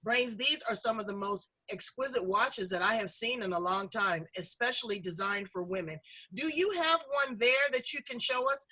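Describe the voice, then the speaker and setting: A woman's voice: on the high side, moderate pace, pushed and bright, husky, poor audio. A woman hosting an interview show, enthusiastic and full of compliments for her guest. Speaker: host.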